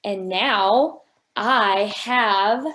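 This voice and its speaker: A woman's voice: medium pitch, very slow, a bit bright. A young woman reading a picture book aloud to small children, wonder-filled and full of gasps, and then showing toy animals. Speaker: children's story time reader. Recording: echoey room.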